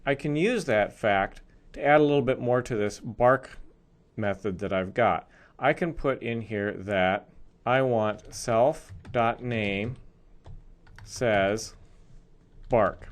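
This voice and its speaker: A man's voice: mid-range voice, slow pace, pauses often. A male programming instructor explaining code step by step in a recorded screencast lesson.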